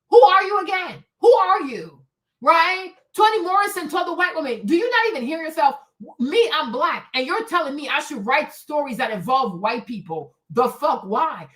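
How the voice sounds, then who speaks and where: A woman's voice: high voice, a bit bright. A woman host, delivering an unscripted, heated and profane commentary rant, emphatic and repetitive. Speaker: livestream host.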